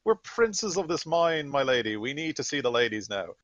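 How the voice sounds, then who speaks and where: Man putting on a boastful drunk soldier, raised pitch, loud, blustering. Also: big pitch swings, normal speed, no echo, muffled recording.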